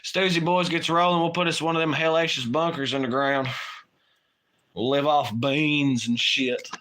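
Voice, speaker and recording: A man's voice: a little high, fairly even intonation, moderate pace, a bit bright. A man co-hosting a late-night livestream, chatting casually in a rambling, profane way and laughing often. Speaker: livestream co-host.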